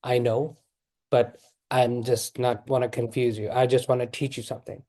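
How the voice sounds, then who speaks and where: A man teaching tajweed, patiently correcting students and modeling the recitation slowly. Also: mid-range voice, little pitch movement, mellow.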